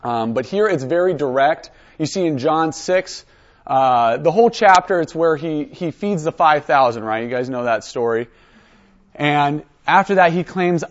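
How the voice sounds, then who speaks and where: A man teaching a high school Bible lesson, coaxing students to read aloud with conviction. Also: animated, normal speed, muffled recording.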